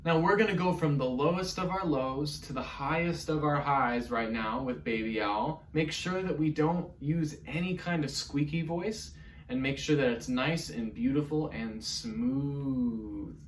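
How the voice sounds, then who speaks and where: Male children's music teacher, unhurried and animated, recorded a little off-mic. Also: a little high, recorded from a distance, a little hiss or hum. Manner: encouraging, leads vocal warm-ups and owl sounds. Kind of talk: online music lesson for children.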